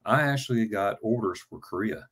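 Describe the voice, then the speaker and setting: A man in his fifties with a somewhat low voice tells a rambling personal story. He stumbles over his words, doubles them up and fills gaps with "uh" as he goes. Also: normal speed, a bit bright, breathy edge. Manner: stammering, repeats words, many fillers. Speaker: travel vlogger telling his story as an interview guest. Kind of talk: casual storytelling in an interview.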